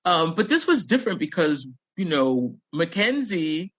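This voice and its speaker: A woman's voice: lowish voice, sing-song, a little slow. A woman co-hosting a podcast, chatting animatedly and laughing between lines. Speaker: podcast co-host. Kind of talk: casual chat.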